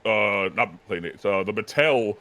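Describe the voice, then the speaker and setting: A man talking as a guest in casual chat, animated, laughing easily and often correcting himself. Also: lowish voice, measured pace.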